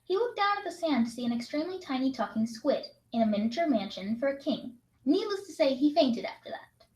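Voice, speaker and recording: Bubbly young woman host, slightly high voice, quick laugh, roomy echoey sound. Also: big pitch swings, a little mellow. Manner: bubbly, quick to laugh, reads prompts aloud. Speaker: write-in co-host. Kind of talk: casual livestream chat. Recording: roomy echo.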